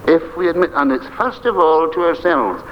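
A man's voice: fairly high pitch, moderate pace. An older man, a minister preaching an earnest, emphatic sermon. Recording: dull lo-fi archive recording with faint hiss.

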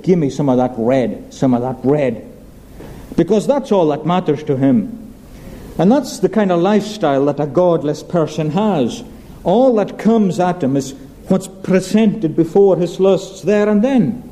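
A man's voice: sits high, mellow, low-quality recording. A male preacher giving a sermon, emphatic, asking rhetorical questions and repeating key phrases.

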